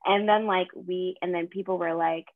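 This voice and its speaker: A woman in her twenties from the American South, a counseling graduate student, co-hosting a podcast and chatting casually with lots of fillers and lively retold quotes. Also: fairly low pitch, normal speed, no room sound, narrow, tinny audio. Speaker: podcast co-host. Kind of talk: casual chat.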